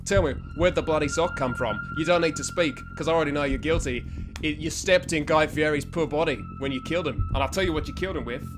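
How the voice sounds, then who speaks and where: Over music, a fast-talking man with a fairly high voice co-hosts and plays on a comedy role-play podcast, rambling through mock-detective accusations before signing off the episode.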